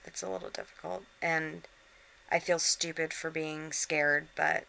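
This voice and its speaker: A woman's voice: low voice, flat delivery, unhurried, creaky, pushed and bright, slight background noise, rough recording. A middle-aged woman chatting casually to a handheld camera from her bed, worn out and unwell, talking in a drained, weary way. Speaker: vlogger. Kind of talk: casual vlog chat. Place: bedroom, in bed.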